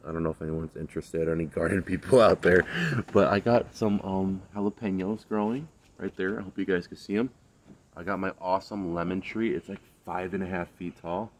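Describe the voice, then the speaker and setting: A man's voice: low-pitched, little pitch movement, normal speed, a little hiss or hum. A man vlogging casually outdoors in his backyard garden, talking in a laid-back, slangy way with lots of fillers. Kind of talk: casual chat.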